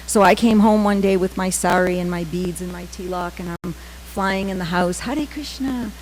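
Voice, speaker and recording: A middle-aged woman giving a temple class, telling personal stories with many "um" pauses and acted-out quotes. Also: on the low side, level tone, darkish tone, a little hiss or hum, low-quality recording. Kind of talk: scripture class with personal storytelling.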